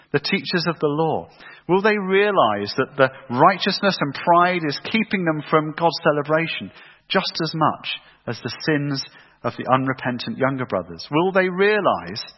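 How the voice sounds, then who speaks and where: A man's voice: on the high side, breathy edge. A man preaching a sermon with emphatic repetition and rhetorical questions. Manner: emphatic, repeats phrases for effect, asks rhetorical questions. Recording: echoey hall, dull lo-fi sound.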